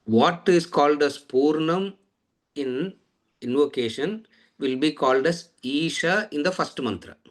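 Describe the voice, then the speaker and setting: A man giving a Vedanta scripture lecture, explaining verses in a measured way and chanting Sanskrit lines slowly, often trailing off softly. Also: fairly high pitch, lively intonation. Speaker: Vedanta teacher.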